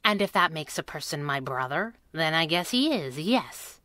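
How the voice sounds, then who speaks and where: A woman's voice: deep voice, very animated, moderate pace, sharp tone, no echo, full character voice. A woman voicing a fierce, bossy young girl detective who talks bluntly and scolds. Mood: grim.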